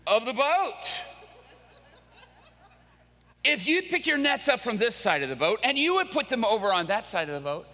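A man voicing Jesus as a calm, soft-spoken man, slow and gentle. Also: sits high, big-room sound, heavily acted.

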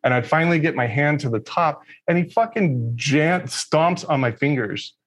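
A man's voice: on the high side, moderate pace. Man swearing through a rambling story. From Texas. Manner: rambling, profane, many fillers. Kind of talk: casual storytelling in conversation.

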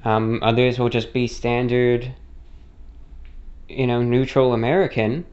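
Man, young adult, mid-Atlantic-style accent, casual monologue, filler-heavy, self-correcting, middle pitch, muffled recording. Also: steady tone, measured pace, darkish tone. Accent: mid-Atlantic blend with non-rhotic and New York traits. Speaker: YouTuber.

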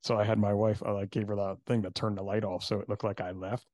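A man in his forties hosting a podcast interview, chatty and quick to laugh as he tells family stories. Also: on the low side, little pitch movement, warm tone, no room sound. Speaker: podcast host. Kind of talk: casual interview chat.

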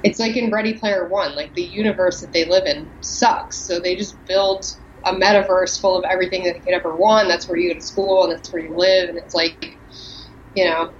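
A woman guest in casual chat, talking in an animated, talkative way over an internet call. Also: fairly low pitch, fairly quick, a little hiss or hum. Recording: muffled lo-fi call line.

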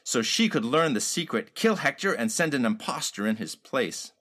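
A man's voice: medium pitch, big pitch swings, moderate pace, a bit bright, pitched above the performer's own voice. A man voicing a cunning male spy villain who talks in a smug, menacing way. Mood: scheming.

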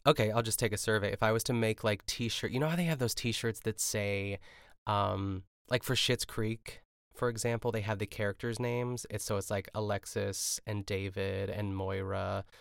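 Male podcast host, low gravelly voice, rambling and chatty, dry close mic. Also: no echo. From Pittsburgh. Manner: chatty, rambling, laughs often, lots of fillers. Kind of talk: casual solo recap podcast.

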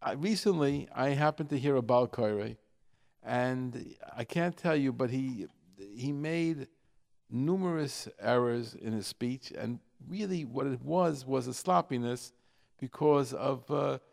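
A man from New York hosting a radio talk show, explaining in a halting way full of fillers and drawing out example words slowly. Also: medium pitch, vocal fry, darkish tone.

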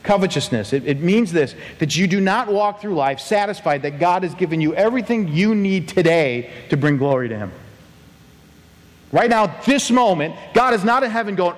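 A man preaching a sermon as pastor, animated and acting out quoted voices with big pitch swings. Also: normal speed, in a large hall.

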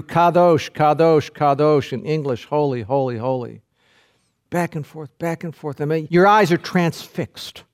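Guy preaching, kinda high voice, paints the scene for you, goes quiet then builds way up. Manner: vivid storytelling, guiding listeners to picture the scene; swings from hushed low passages to raised, intense climaxes. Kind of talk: sermon.

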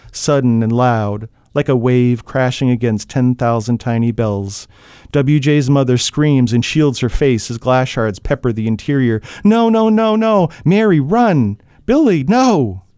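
A man's voice: mid-range voice, a little mellow, clean tone, no echo, studio quality. A man from New Hampshire, an author reading from his novel with theatrical expression and then talking as a guest. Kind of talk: dramatic reading, then interview talk.

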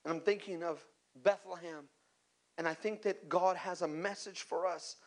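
A man with a notably high voice delivers a sermon, building to emphatic peaks and calling out to the room. He slips into casual asides between points and often repeats a word as he restarts. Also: fairly even intonation, moderate pace. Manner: emphatic preaching with call-outs to the congregation; conversational asides and repeated words. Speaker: pastor.

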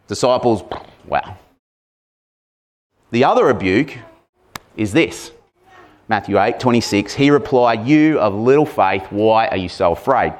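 Male preacher, casual sermon delivery, engages the congregation with questions. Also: on the low side. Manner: conversational, asks the congregation questions; acts out shouted lines with sudden loud bursts.

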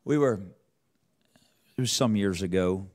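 A man's voice: a little slow, a little mellow. Middle-aged male preacher, rambling sermon. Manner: rambling, restarts, rises in pitch and volume as the story builds. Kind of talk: sermon storytelling.

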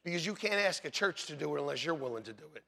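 A man preaching a sermon, loud and animated, telling jokey stories about his marriage and calling out for amens from the congregation. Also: a little high, very fast, creaky, breathy edge. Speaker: pastor. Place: church sanctuary.

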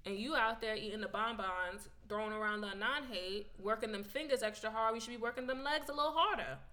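A woman co-hosting a casual podcast chat, blunt and profane, ranting with animated energy. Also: fairly high pitch, a little fast. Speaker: podcast co-host.

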